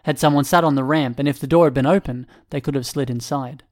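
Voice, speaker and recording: Male narrator, scripted storybook reading, steady, measured, mid-pitched.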